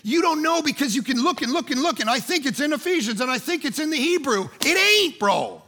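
A man preaching a sermon, telling a story that he acts out with energy and sometimes shouts. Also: extremely high pitch, fast. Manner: lively storyteller who acts out scenes, rising to shouts. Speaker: pastor.

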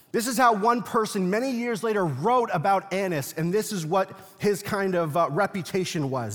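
A pastor delivers a sermon in a fairly high voice, dropping low to tell a story and then rising to a forceful, insistent pitch. The long reverb of a large hall trails after each phrase. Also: male voice. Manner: swings from quiet storytelling to loud, insistent preaching.

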